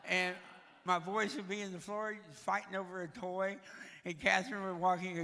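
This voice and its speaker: Breathing heavily and audibly, a Tennessee man in his 60s shares funny, self-deprecating stories from his life as a guest speaker at a church. His high-pitched voice is gravelly and sharp, with fairly even intonation at a normal speed, echoing around the sanctuary.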